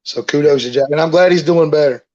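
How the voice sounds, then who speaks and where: Male wrestler guest with a slightly high voice and a rambling, folksy delivery; muffled recording. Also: fast talker, crowd noise. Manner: rambling, repeats himself, folksy. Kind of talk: casual storytelling in an interview.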